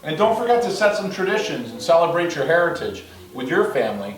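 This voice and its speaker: A man's voice: a little high, sing-song, brisk. Upbeat cooking show guy talking to the guys at home, bit far off the mic, roomy sound. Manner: enthusiastic, chatty, addresses viewers as guys. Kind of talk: casual cooking demonstration. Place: villa kitchen in Italy, outdoors breeze.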